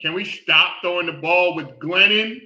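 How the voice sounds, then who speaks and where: Guy hosting a football chat, groaning and exclaiming at plays, bright edgy tone, muffled lo-fi mic. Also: sits high, normal speed. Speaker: sports podcast host. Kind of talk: casual sports talk while watching a game.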